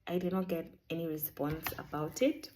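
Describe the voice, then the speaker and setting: Chatty woman with a warm voice. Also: low voice, normal speed, a little hiss or hum. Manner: chatty, animated, sprinkles in Swahili words. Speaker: vlogger sharing a faith testimony. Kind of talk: casual storytelling.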